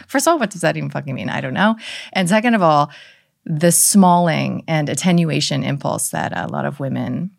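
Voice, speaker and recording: Low, gravelly-voiced woman musing casually. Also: expressive, a little fast, dry recording, clean studio sound. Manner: loose and musing, lots of "like" and "right?", casual swearing. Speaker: podcast guest, psychiatrist and author. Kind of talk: casual reflective interview talk.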